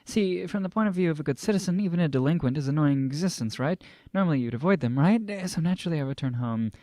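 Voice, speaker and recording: A man's voice: fairly high pitch, lively intonation, quick pace, darkish tone, dry recording, studio quality. Man casually reading a novel aloud. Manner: reads aloud with frequent restarts, laughs and joking asides. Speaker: amateur novel reader.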